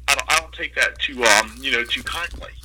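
A man's voice: medium pitch, fairly quick, poor audio. A man telling a long, profane story in casual talk, acting out the people in it as he goes. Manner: profane, animated anecdote with quoted voices.

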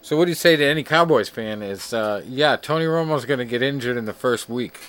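A man hosting a casual show, reading off records in a laid-back, joking way with frequent filler pauses. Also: mid-range voice, fairly bright tone. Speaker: podcast host. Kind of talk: casual chat.

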